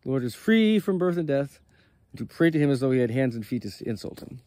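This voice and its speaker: A man voicing a stern male prophet who scolds with forceful, indignant lines. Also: a little high, a little fast, close to an everyday voice. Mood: scolding.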